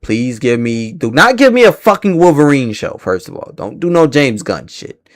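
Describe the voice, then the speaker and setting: Angry ranting male streamer, lively pitch. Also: moderate pace, no room sound, studio quality. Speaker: live stream host. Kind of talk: live stream rant.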